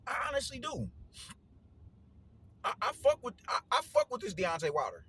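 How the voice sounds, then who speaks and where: A man giving casual solo commentary on boxing, slangy and animated, repeating himself and leaning on fillers. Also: very high-pitched, normal speed, breathy edge.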